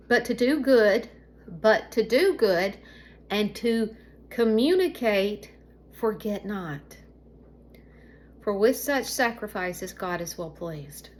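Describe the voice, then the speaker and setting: This vlogger is a middle-aged woman from Alabama whose Southern accent colors her casual, meandering chat with viewers. She's easily distracted, her voice sits at medium pitch, and there's slight background noise.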